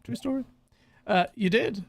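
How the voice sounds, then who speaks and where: A man's voice: sits high, moderate pace, gravelly, no echo. A man hosting a podcast, teasing his guest with laughing banter. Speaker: podcast host. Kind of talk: casual chat.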